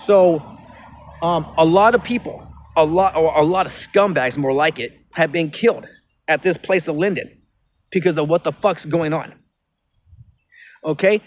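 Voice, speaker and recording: A man's voice: a little high, a little slow, pauses often. A man rambling profanely into his phone outdoors by a river, with many restarts. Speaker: vlogger.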